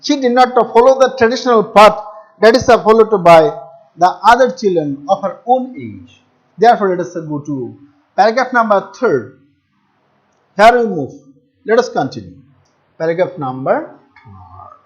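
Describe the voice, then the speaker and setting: A middle-aged Indian man with a high voice teaches an English class. He repeats key words often and drops into Hindi to explain terms to his students. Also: animated, normal speed, long pauses, lo-fi sound. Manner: addresses students as "my dear children". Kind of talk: classroom lesson explaining a textbook chapter.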